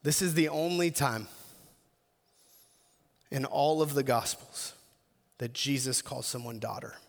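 A man preaching a sermon as pastor, earnest, stumbling over restarts and slowing down on key phrases. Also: mid-range voice, vocal fry, long reverb tail.

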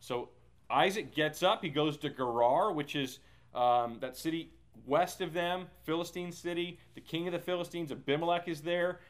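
A man's voice: on the high side, moderate pace. A man leading a Bible study in a casual, talkative way, with many fillers and restarts. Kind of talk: casual teaching.

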